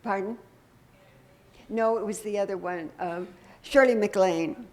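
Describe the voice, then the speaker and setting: An older woman minister preaching a sermon to her congregation, conversational and gently humorous, often asking the room questions. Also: medium pitch, unhurried. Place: church sanctuary.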